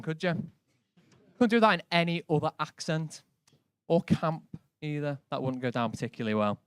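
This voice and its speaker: A man's voice: on the high side, clean tone, no room sound. A man doing a stand-up set on a comedy club stage, dry and conversational, full of casual asides. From Britain. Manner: dry, conversational, lots of likes.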